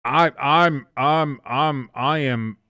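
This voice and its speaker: A man streaming a casual watch-along, calling the plays live and reading chat aloud, who gets loud and stunned at big plays. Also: mid-range voice, drawn-out words, no echo. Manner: excitable, shouts in disbelief at big plays, reads chat aloud. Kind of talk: casual live play-by-play commentary.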